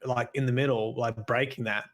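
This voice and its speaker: A man's voice: mid-range voice, fairly even intonation, a little fast. Australian man musing in podcast chat. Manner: musing, stammering restarts. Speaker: podcast co-host. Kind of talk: casual chat.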